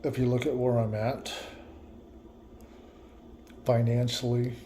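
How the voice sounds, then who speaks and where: Slow, musing man with a mellow voice. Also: medium pitch, flat delivery, a little hiss or hum. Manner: musing, repetitive, laughs at himself. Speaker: vlogger. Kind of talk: reflective personal monologue.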